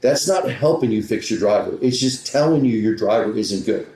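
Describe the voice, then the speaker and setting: A man's voice: fairly low pitch, animated, dark tone. A man who is a golf teaching professional, telling a story in a podcast interview and acting out the back-and-forth dialogue. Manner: retells conversations with quick back-and-forth dialogue. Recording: roomy echo.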